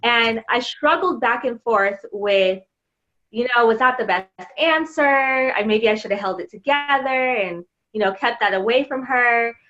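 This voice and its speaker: A woman's voice: fairly high pitch, unhurried, a bit bright. A woman in her thirties hosting an interview, asking questions and telling personal stories with frequent fillers. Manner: candid, personal storytelling with fillers. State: pregnant. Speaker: podcast host. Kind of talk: conversational interview. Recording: slightly dull lo-fi sound.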